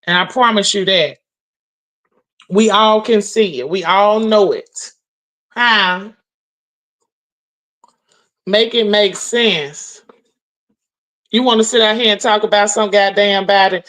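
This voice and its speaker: A woman's voice: mid-range voice, fairly bright tone, low-quality recording. A woman hosting a live stream, ranting in a brash, profane, mocking way as she calls people out. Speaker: livestream host.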